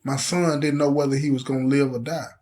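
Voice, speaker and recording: A man's voice: mid-range voice, steady tone, brisk, a little mellow. A middle-aged man, telling a personal story with intensity and acting out the voices of the people in it. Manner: emotional, intense, acts out quoted voices. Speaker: host telling his life story.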